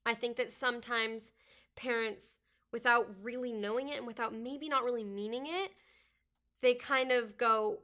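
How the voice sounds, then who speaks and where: A woman's voice: on the high side, normal speed, pushed and bright. A young woman talking casually as a podcast guest, earnest and reflective, often saying "I think". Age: young adult. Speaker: podcast guest, host's daughter. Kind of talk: casual conversation.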